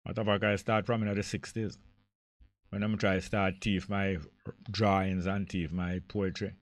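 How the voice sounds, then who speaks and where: An older Jamaican man hosting a call-in radio show, reading listener comments aloud and pushing back on them with feeling. His voice sits low. The sound is close and dry, with no room around it. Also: flat delivery, normal speed, no room sound. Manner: reads listener messages aloud, argues back heatedly. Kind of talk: casual call-in radio talk.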